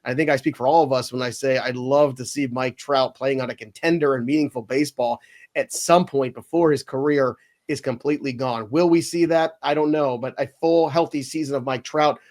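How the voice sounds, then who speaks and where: A man hosting a casual sports podcast, animated and given to mock outrage. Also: mid-range voice, a little fast. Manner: animated, mock-outraged when picks are taken. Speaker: podcast host running a mock draft.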